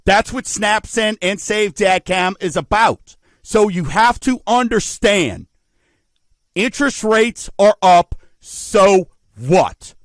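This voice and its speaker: A man's voice: high voice, animated, slow, no echo. A middle-aged man hosting a radio talk show about mortgages, folksy and emphatic, asking rhetorical questions. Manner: folksy, addresses listeners as folks.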